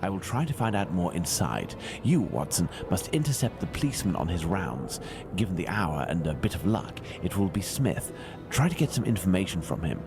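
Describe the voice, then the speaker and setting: An actor playing Sherlock Holmes, a sharp detective who questions people in a measured, pointed way in a video game. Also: male voice, sits low, very animated, music in the background. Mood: probing.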